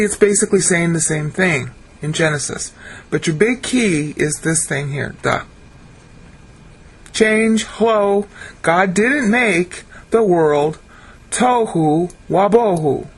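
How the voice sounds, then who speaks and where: A man giving a screen-share Bible lesson, sounding out Hebrew and Greek words slowly and correcting himself as he goes. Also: on the high side, vocal fry, husky. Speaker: Bible teacher.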